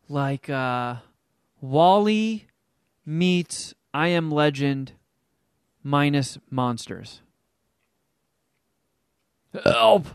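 A man's voice: a little high, clear, resonant tone, dry recording, studio quality. A man co-hosting a podcast, telling about a movie in rambling, profane casual chat. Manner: rambling, profane, animated storytelling. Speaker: podcast co-host.

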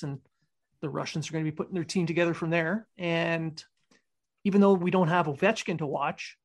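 A man from Canada co-hosting a casual sports chat, blunt and casually swearing. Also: on the high side. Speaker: podcast co-host.

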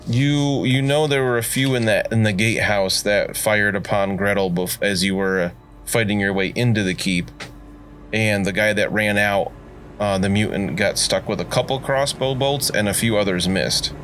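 A man running a tabletop game as game master, explaining the scene in a relaxed, meandering way full of fillers. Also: lowish voice, normal speed.

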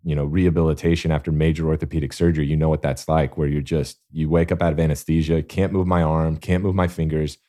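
A man's voice: extremely low pitch, little pitch movement, fast talker, hardly any pauses, dark tone. A man, a former Olympic athlete, talking as a guest in a casual interview, telling his story earnestly.

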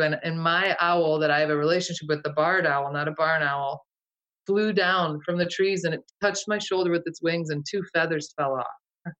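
A woman's voice: sits low, fairly even intonation, moderate pace, fairly bright tone, low-quality recording. A woman recounting a vivid dream to an interviewer in a casual, rambling way, full of fillers and restarts. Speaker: guest. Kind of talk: casual storytelling.

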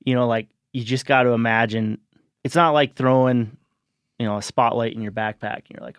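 A man's voice: medium pitch, fairly quick, smooth, dry recording. A man in casual conversation, telling an anecdote and quoting others as he goes. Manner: storytelling, quotes others in lively bits.

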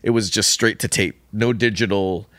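A man chatting casually on a podcast, lively and full of fillers as he explains things. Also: fairly low pitch, moderate pace, dry recording, studio quality. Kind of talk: casual chat.

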